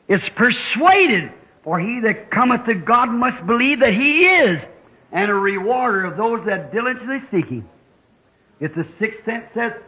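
A man preaching a fervent sermon, rising to shouts as he tells stories. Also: high-pitched. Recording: dull lo-fi old tape.

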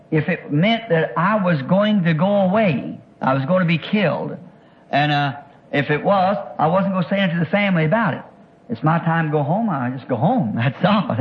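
A man preaching a sermon, recounting an experience in an earnest, halting way with many repeated words. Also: fairly high pitch, muffled recording. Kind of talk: sermon testimony.

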